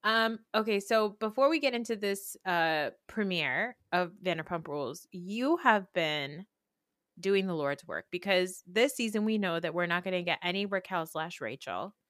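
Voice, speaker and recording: A woman's voice: lowish voice, expressive, normal speed, fairly bright tone, no room sound, clean studio sound. Laughing, chatty woman podcast host. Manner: laughs often, swears casually. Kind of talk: casual chat.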